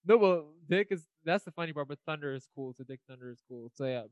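A young man co-hosts a podcast, chatting casually and rambling with lots of filler words and frequent laughter. His mid-range voice is fast and clean-toned, with no echo, though the recording is muffled.

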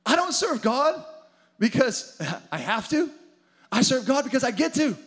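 A man's voice: very high-pitched, expressive, measured pace, fairly bright tone. A man preaching a sermon with dramatic energy, acting out the story's characters in his own voice. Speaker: pastor.

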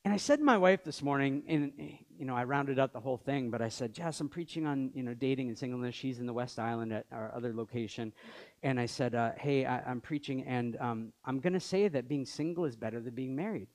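A man's voice: mid-range voice, brisk. A man in his thirties preaching a sermon in a conversational way, with joking asides. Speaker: pastor.

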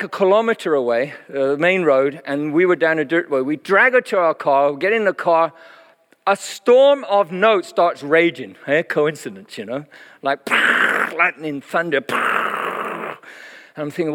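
Man, middle-aged, preacher, animated storytelling, fillers, fairly high voice, long church-hall reverb. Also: normal speed. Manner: animated, chatty, laughs often, many fillers. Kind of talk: sermon testimony storytelling.

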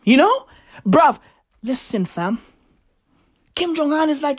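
A woman's voice: sits high, sing-song, slow, long pauses, no echo, studio quality. A woman doing a profane, emphatic stand-up comedy rant that is full of slangy asides to the audience.

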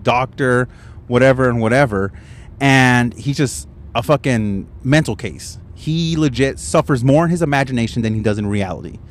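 A man hosting a casual solo podcast, recorded in his parked car at a gas station with a handheld microphone, talking in a profane, rambling storytelling way. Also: medium pitch. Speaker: podcast host. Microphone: handheld microphone, wearing headphones.

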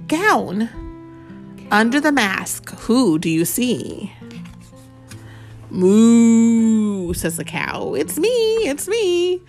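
A woman reading a picture book aloud to a child at home, slowing down for the story lines and chatting about the pictures in between. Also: on the low side, vocal fry. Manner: animated, slows down for the read-out lines and chats about the pictures.

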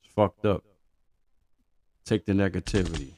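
A man's voice: low-pitched, moderate pace, darkish tone, a little hiss or hum. A middle-aged man hosting a podcast, giving blunt, profane opinions in casual street talk. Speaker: podcast host.

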